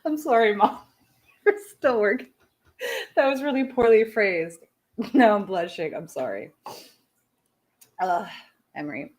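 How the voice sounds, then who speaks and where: Chatty laughing woman, lowish voice. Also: darkish tone. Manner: chatty, laughs often, self-deprecating asides. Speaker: live show host talking to viewers. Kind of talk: casual personal chat.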